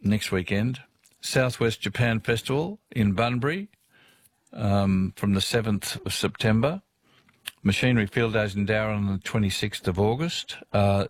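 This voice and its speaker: Aussie radio host guy, lowish voice, chatty and rambling, dry close sound. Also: dry recording. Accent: Australian. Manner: chatty, reads listener messages aloud with asides. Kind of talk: casual talkback radio.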